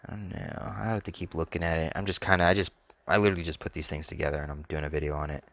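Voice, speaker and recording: A man's voice: rumbling low, level tone, racing, fairly bright tone, no echo. A man hosting a sports picks channel, talking casually and thinking aloud, hesitant and trailing off often. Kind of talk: casual solo commentary.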